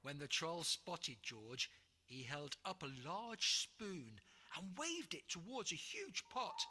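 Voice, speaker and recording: A narrator giving an expressive, animated storybook read-aloud. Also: mid-range voice, takes it slowly. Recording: reverberant room, soft music.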